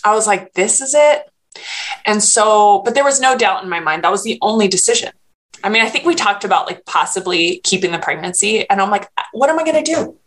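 A woman's voice: mid-range voice, fast, fairly bright tone. A woman in her thirties telling a personal story in a candid, rambling way, with many restarts and fillers, as a podcast host. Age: 30s.

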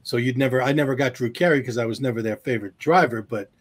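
A man's voice: medium pitch, fast. A man co-hosting a comedy podcast, telling anecdotes in casual chat and swearing now and then. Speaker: podcast co-host.

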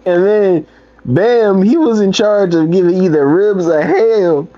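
A man's voice: sits high, measured pace, mellow. A young man casually telling a funny story, acting out the quotes and laughing often. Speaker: podcast co-host. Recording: dull lo-fi sound.

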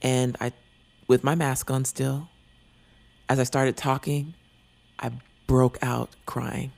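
Man, gravelly edge, mid-range voice; earnest confessional storytelling that rambles, with soft near-whispered asides. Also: mid-range voice, little pitch movement, slow pace. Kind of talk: candid personal storytelling.

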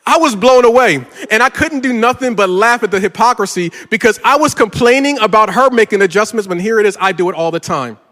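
A middle-aged man, a pastor, preaching a sermon and telling a story with lively, rising energy. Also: a little fast, few pauses. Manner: animated, gets louder and higher telling a story. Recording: reverberant hall.

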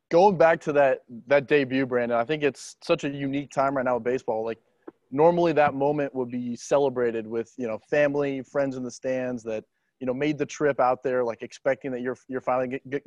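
A man's voice: mid-range voice, fairly even intonation, brisk, a little mellow, no echo. Podcast host guy asking a long question, dull lo-fi sound, dry. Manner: rambling question with fillers. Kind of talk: interview question. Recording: dull lo-fi recording.

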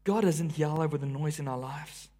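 Male preacher, high-pitched, dynamic sermon delivery, loud emphatic peaks dropping to hushed lows. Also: moderate pace.

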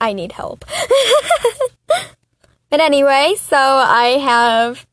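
A woman's voice: sits high, a bit bright, no echo. A woman hosting her own solo political commentary podcast, talking in an impassioned, exasperated rant with chatty, self-mocking asides. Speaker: podcast host.

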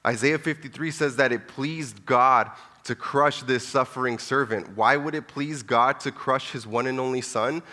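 A man's voice: medium pitch, normal speed. Impassioned man preaching in a reverberant hall. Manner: impassioned, pleading, shifting between soft hushed lines and loud emphatic ones. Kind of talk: sermon.

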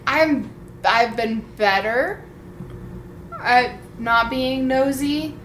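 A woman's voice: a little high, very slow, a bit bright. A woman in casual chat, talking freely with swearing and acting out quoted lines. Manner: chatty, swearing, acts out quotes. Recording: echoey room, faint noise.

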